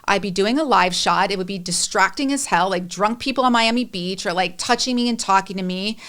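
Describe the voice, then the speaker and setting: A woman's voice: mid-range voice, a little fast, fairly bright tone, smooth. A middle-aged woman speaking candidly and emotionally as a podcast guest, rambling through personal stories.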